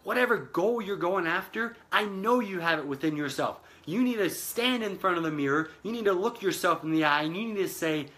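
Man, motivational speaker, slightly high voice with a bright edge, earnest, repeats phrases. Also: expressive, fairly quick, few pauses. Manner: earnest, addresses listeners as guys, repeats phrases for emphasis. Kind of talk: motivational talk retelling a film scene.

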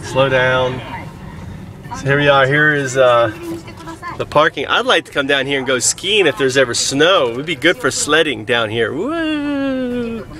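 A woman's voice: very deep voice, normal speed. A woman filming her small children at an outdoor water park on a handheld camera, cheering and coaxing them and mixing in Japanese words. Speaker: parent filming her kids. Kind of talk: home video narration. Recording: loud outdoor background noise.

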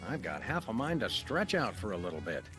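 An actor playing a dry, deadpan, formal-talking canine detective in a cartoonish video game. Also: male voice, lowish voice, a little fast, over loud music.

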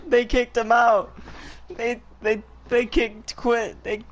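Slow-spoken man calling out plays. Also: very high-pitched. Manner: excitable callouts to teammates; repeats words in rapid bursts. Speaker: gamer. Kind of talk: live game commentary.

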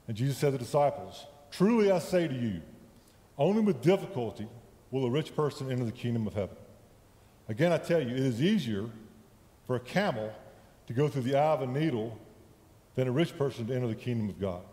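A man's voice: mid-range voice, lively intonation, a little fast, warm tone. A man giving a conversational sermon in a church, often checking in with his listeners. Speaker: lay preacher. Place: church sanctuary. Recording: echoey church hall with long reverb.

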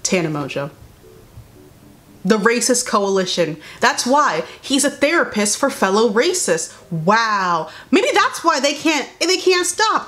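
A young woman giving sassy, incredulous commentary as she reads a statement aloud, jumping between high exclamations and low mutters. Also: fairly bright tone. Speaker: commentary YouTuber.

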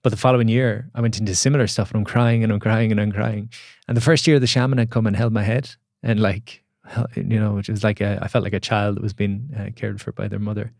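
A man shares a personal story in a relaxed podcast conversation. His voice sits on the low side and he often stops and restarts as he thinks. The sound is dry and close to the mic. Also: fast, vocal fry, hardly any pauses, dry recording. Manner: reflective, storytelling, many restarts. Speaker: podcast guest, coach.

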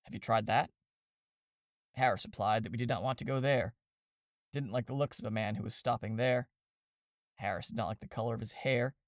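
A man narrating a classic comic novel in a steady, wry storytelling manner, voicing the characters as he goes. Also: medium pitch, fairly quick, no echo, clean studio sound. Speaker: audiobook reader and podcast host.

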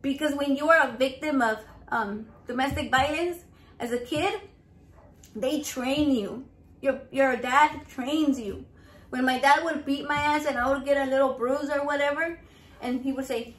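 A woman's voice: high voice, unhurried, a bit bright. A young woman vlogger telling a painful personal story in blunt, profane, emotional words. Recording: echoey room.

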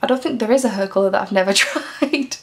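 Young woman, Mancunian accent, casual giggly vlogger with a gravelly fry. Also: on the high side, quick pace. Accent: Mancunian English. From Greater Manchester, England. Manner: chatty and giggly, reads fan questions aloud. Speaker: YouTuber. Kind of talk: casual Q&A vlog.

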